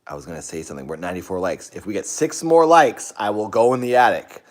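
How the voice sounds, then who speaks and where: Streamer host, man, low voice, animated swings, chatty and rambling with excited yelps. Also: fast talker. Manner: rambling, talks to chat, jumpy outbursts. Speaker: live streamer. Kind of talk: casual live-stream chat.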